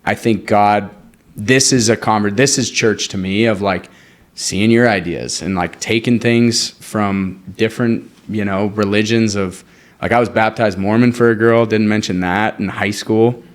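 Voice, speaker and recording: A young man with a somewhat low voice, talking as a podcast guest. He tells a long personal story in a loose, chatty way. He drops his voice to act out the people he quotes. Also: unhurried. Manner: animated, acts out quoted dialogue, frequent "like". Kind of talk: casual storytelling.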